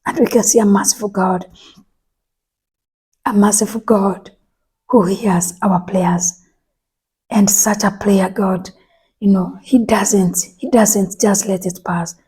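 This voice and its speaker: Woman pastor preaching, mellow husky voice, keeps repeating herself for emphasis. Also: mid-range voice, fairly even intonation, slow pace, pauses often. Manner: emphatic, repeating phrases and restarting words. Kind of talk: sermon.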